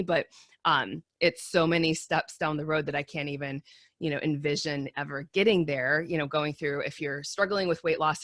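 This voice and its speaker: A woman's voice: lowish voice, fairly bright tone, no room sound, clean studio sound. A woman hosting an online health summit, chatty and enthusiastic as she introduces and questions her guest. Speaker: summit host.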